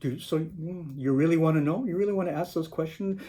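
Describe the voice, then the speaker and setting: A man voicing a knowing young wolf who asks low, quiet, pointed questions. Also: quick pace, natural voice. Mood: challenging.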